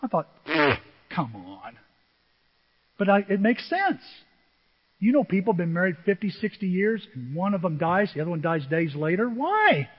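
Older guy pastor preaching, high-pitched, animated storytelling, muffled with big hall echo. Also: brisk, breathy edge. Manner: animated, self-deprecating storytelling with dramatic swings from soft to loud. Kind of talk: sermon. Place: church sanctuary. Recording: muffled audio with long hall reverb.

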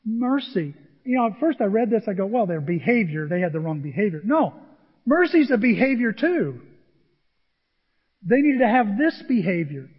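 A male pastor preaching a sermon, animated and acting out the people he quotes. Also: high voice, moderate pace, slightly rough. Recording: dull sound in a large reverberant hall.

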